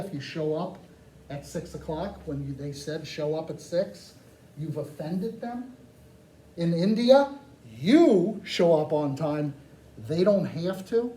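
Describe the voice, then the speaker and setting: A man from the United States giving a lively, joking talk to a live audience, often asking them questions. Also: sits high. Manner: animated, joking, asks the crowd questions. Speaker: speaker addressing a live audience. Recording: echoey room, mic far off, faint noise.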